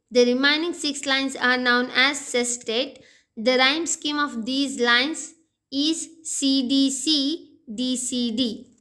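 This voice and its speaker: A woman with an Indian English accent, teaching an English poetry lesson slowly and deliberately, pausing often with "uh". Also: high voice, a bit bright. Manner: slow, deliberate, with frequent "uh" pauses. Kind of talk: recorded lecture.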